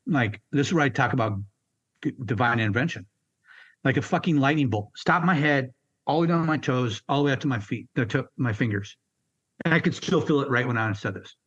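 A man in his fifties, a military veteran being interviewed, telling his story in a raw, halting way and swearing freely. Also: medium pitch, a bit bright, highs cut off. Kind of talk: candid personal storytelling.

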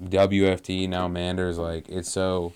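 A young man with a very low, smooth and resonant voice talks football on a casual podcast. He rambles in a laid-back way, leaning on fillers and restarts as he thinks aloud. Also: monotone, unhurried, a little mellow. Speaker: podcast co-host, Commanders fan. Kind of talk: casual sports podcast chat.

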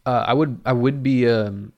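A man's voice: medium pitch, moderate pace, lo-fi sound. A man casually telling a story at home into a mic, rambling and cursing freely as he acts out what people said. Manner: rambling and profane, acting out quotes.

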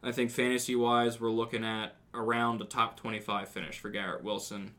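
A man's voice: medium pitch, little pitch movement, brisk, a bit bright. A man hosting a casual sports podcast, talking things through in long, rambling runs with restarts. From not from the South. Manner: rambling, thinks aloud with restarts. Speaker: podcast host.

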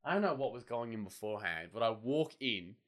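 A young Australian man co-hosting a podcast, telling stories in a casual, animated way and swearing freely. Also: medium pitch, brisk. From Western Australia. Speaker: podcast co-host. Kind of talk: casual chat.

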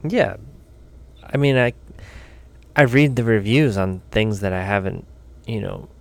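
Very deep, gravelly-voiced man. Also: unhurried. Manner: brief, laid-back replies. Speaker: podcast co-host. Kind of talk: casual chat.

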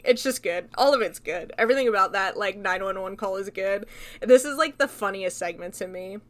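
A woman's voice: fairly high pitch, a little fast, a bit bright. A young adult woman giving a casual, chatty film review, retelling scenes loosely with swearing and laughter.

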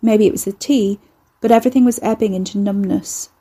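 A woman reading a horror novel aloud in a measured, intimate narration. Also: medium pitch, fairly even intonation, mellow, slightly rough. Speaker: audiobook narrator.

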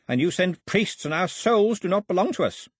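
Stern old priest, husky and dry, with a lively, testy delivery, read by a male narrator. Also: high voice, normal speed, dry recording, voice pushed up. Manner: curt, suspicious, lecturing.

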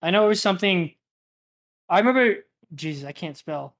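A young man co-hosting a podcast, chatting in a relaxed way with many hesitations. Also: high-pitched, a little fast. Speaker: podcast co-host. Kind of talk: casual chat.

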